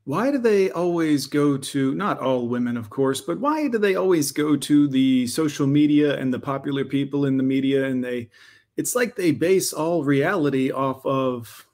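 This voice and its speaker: A man's voice: mid-range voice, expressive, normal speed, a little mellow. A man doing a sarcastic reaction commentary, interrupting a clip with wry asides.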